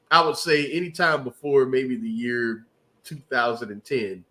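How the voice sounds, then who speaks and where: A man's voice: mid-range voice, a little slow, a bit bright. A man with a mid-range voice talks with real enthusiasm in a casual review chat. He stresses his points and often repeats words as he gets going. He sounds like an eager podcast co-host.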